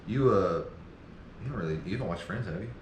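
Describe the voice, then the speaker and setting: Deep-voiced man rambling in an echoey room. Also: lively intonation, a little fast, slight background noise. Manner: rambling storyteller, acts out quotes loudly. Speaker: podcast co-host. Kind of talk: casual chat.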